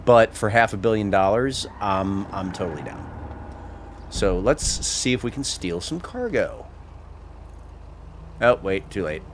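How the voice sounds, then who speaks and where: Male game streamer, low, lively voice, jokey self-mocking patter, faint noise in the background. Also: measured pace, pauses often. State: playing a tipsy character. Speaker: gaming streamer. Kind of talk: casual gameplay commentary.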